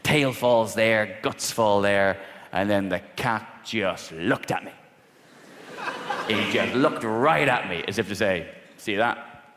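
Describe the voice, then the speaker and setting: A man performing stand-up on a theatre stage, telling his story with sudden jumps in pitch and volume. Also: slow pace, a bit bright. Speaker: stand-up comedian. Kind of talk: stand-up comedy set. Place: large theatre stage before a live audience. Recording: roomy, noisy theatre recording with long reverb.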